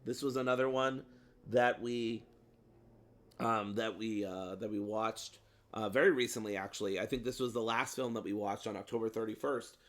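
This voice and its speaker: A man with a lowish voice chats casually about the horror films he watched. He rambles, fills gaps with ums and throws in playful swearing. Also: steady tone, normal speed, a bit bright. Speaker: podcast co-host. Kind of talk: casual movie review chat.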